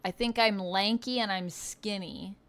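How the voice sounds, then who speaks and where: A woman's voice: medium pitch, fairly even intonation, unhurried, fairly bright tone. A Canadian woman player chatting through a tabletop game livestream, rambling through anecdotes and laughing often.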